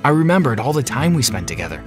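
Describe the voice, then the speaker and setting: A man telling a first-person story as narrator, dramatic and slowing down for the tense moments. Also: medium pitch, sing-song. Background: background music.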